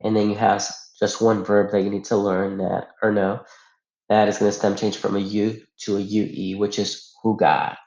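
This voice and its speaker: Low-voiced man teaching a lesson. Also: darkish tone. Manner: patient step-by-step explaining with rhetorical questions. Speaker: Spanish teacher. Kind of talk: recorded grammar lesson. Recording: echoey room, dull lo-fi sound.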